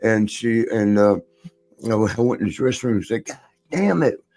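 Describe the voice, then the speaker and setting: A man's voice: lowish voice, fairly even intonation, a little fast, darkish tone. A man in his sixties hosting a podcast, telling rambling anecdotes in casual chat, laughing often and slipping into quoted voices. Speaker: podcast host.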